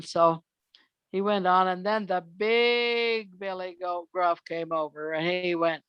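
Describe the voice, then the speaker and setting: An older woman telling children's fairy tales from memory, unhurried, often pausing on "uh". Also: fairly low pitch, fairly even intonation, clear, resonant tone, no echo, dull audio. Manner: unhurried, with frequent "uh" pauses. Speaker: storyteller.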